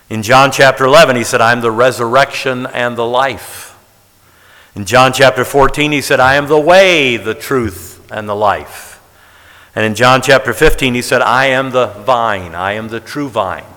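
A man's voice: medium pitch, bright, forceful tone. A man giving a sermon-style Bible lesson in a plain, conversational way, often repeating himself and restarting phrases. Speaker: Bible teacher. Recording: reverberant hall.

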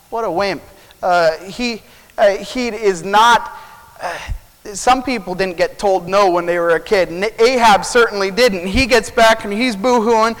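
High-voiced male preacher with echo. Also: fairly bright tone. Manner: storytelling with rhetorical questions. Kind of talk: sermon.

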